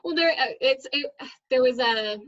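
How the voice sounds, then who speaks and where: A woman, a middle school science teacher, chatting as a guest in an interview and telling lively stories with frequent "um"s. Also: high voice, normal speed, dry recording, lo-fi sound. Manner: lively storyteller, many "um"s. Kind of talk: casual interview storytelling.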